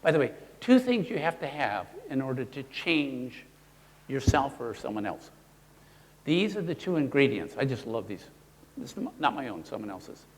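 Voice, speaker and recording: A man presenting a live workshop, playful and animated, quizzing the audience as he teaches. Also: medium pitch, normal speed, long reverb tail. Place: seminar room with an audience.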